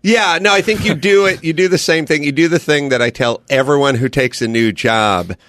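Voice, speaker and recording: A man's voice: a little high, fairly quick, fairly bright tone, dry recording. Man riffing bits in a dry studio. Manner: tells stories by acting out quoted bits. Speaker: podcast host. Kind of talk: casual comedic studio chat.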